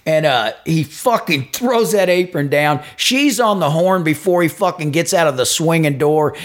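A man, co-hosting a casual podcast and telling profane, animated stories. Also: on the high side, normal speed, hardly any pauses. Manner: profane, animated storyteller who acts out shouted quotes. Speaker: podcast co-host. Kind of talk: casual storytelling chat.

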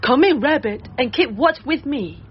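A woman's voice: sits high, expressive, normal speed, husky, muffled recording, exaggerated voice. A woman playing a welcoming Mister Deer. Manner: firm, raised, inviting. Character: calm, welcoming male deer.

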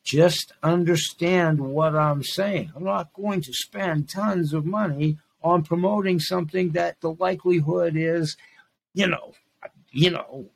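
A man's voice: fairly high pitch, gravelly, breathy edge. A man in his sixties hosting his own podcast, talking in an emphatic, rambling monologue that repeats phrases for stress. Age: 60s. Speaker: podcast host. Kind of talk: casual monologue.

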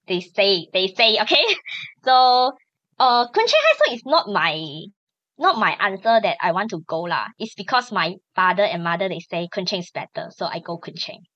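A woman with a Malaysian English accent, a student talking in a casual podcast discussion, halting and tagging phrases with "lah". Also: medium pitch, big pitch swings, fairly bright tone, no room sound, muffled recording.

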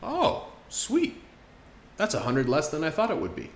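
A man voicing an excited young man in a short teaching skit, eager and excitable. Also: high-pitched, moderate pace, reverberant, a little hiss or hum, pitched above the performer's own voice, full character voice.

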